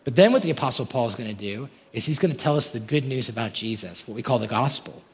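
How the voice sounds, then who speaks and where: A male pastor preaches with lively, animated delivery. He talks straight to his congregation with frequent questions and lifts his voice sharply on quoted verses. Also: medium pitch, fast, in a large hall. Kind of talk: sermon.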